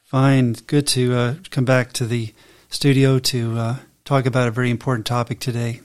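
A man co-hosting a faith podcast, calm and measured, reading and explaining scripture steadily. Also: medium pitch, clean tone. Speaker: podcast co-host and Bible teacher. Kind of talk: casual faith podcast chat.

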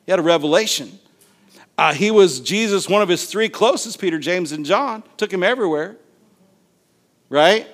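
Animated high-voiced preacher man. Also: normal speed, pauses often. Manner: animated, acts out Bible scenes with voices and laughter. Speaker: pastor. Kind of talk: sermon.

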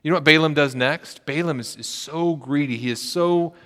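A man's voice: on the high side, normal speed, a bit bright, long reverb tail. A man preaching a sermon as a pastor, retelling a story and acting out its quotes.

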